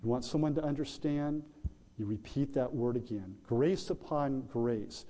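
A man preaching a sermon as pastor, slow and deliberate, with emphatic pauses. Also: mid-range voice, dark tone. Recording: long hall reverb.

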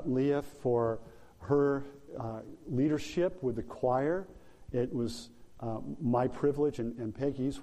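A man's voice: mid-range voice, dark tone, big-room sound. A man preaching a sermon as pastor, talking informally with fillers and restarts. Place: church sanctuary.

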